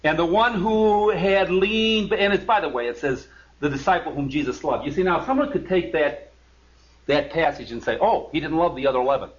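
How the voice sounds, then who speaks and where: A man's voice: on the high side, normal speed. A man teaching a Bible study, reading scripture aloud and breaking in with emphatic asides. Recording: lo-fi recording.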